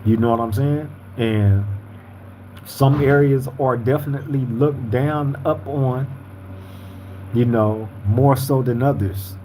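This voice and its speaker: Male live-stream host, easygoing street talk, warm low tone, light noise underneath. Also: slow pace, low-quality recording. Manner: laid-back, streetwise slang, frequent "you feel me". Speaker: podcast host reading viewer comments. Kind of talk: casual live-stream chat.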